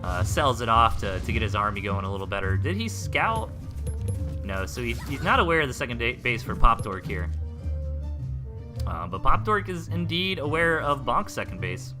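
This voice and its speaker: A young man from the Southern United States casting a game replay live, rambling through joking side chats between quick play calls. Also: mid-range voice, very animated, music in the background. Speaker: esports caster.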